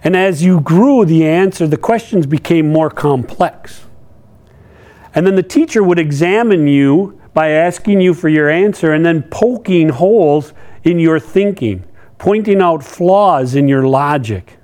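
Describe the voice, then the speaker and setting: Middle-aged man, pastor, sermon, chatty, asks the congregation questions, slightly high voice. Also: expressive, a little slow, darkish tone. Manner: conversational, asks the listeners questions.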